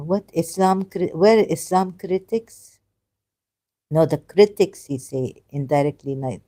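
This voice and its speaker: A woman's voice: deep voice, slow, warm tone. Exasperated woman reading and arguing back. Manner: exasperated, argumentative, stumbling over words. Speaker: religion critic reacting to a video. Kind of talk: casual commentary reading and reacting aloud.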